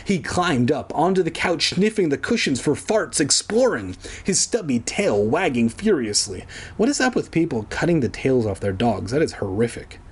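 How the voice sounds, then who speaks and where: A man's voice: fairly high pitch, very animated, normal speed, husky. A man reading a children's horror book aloud for comedy, breaking off for sarcastic, crude asides. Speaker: comedic reader. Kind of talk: comedic storybook reading with commentary.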